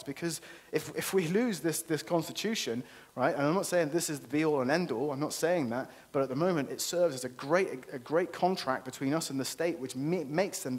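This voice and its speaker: A man's voice: fairly high pitch, husky. A man giving an earnest, persuasive conference talk and often checking in with "okay?". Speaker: conference speaker. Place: conference venue.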